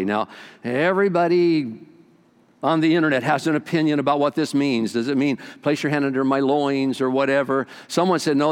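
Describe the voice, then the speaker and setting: Older guy pastor preaching, fired up then going quiet, kinda high voice, big echoey church. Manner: enthusiastic storytelling, swings from loud to hushed. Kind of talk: sermon. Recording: long hall reverb.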